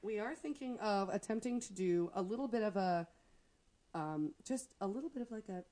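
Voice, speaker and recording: A woman co-hosting a podcast in casual chat, joking with dark humor and laughing often. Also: mid-range voice, expressive, moderate pace. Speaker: podcast co-host.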